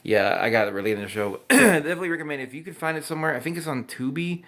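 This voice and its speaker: A man's voice: on the high side, expressive, racing, sharp tone. A drunk young man rambling and swearing as he reacts to old commercials, laughing often. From Texas.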